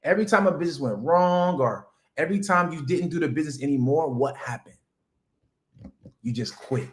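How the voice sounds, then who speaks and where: A man's voice: a little high, animated, fairly quick. A man hosting a livestream, giving an emphatic, profane motivational rant about business straight to his chat. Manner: talks straight to chat viewers. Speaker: livestream host, business coach.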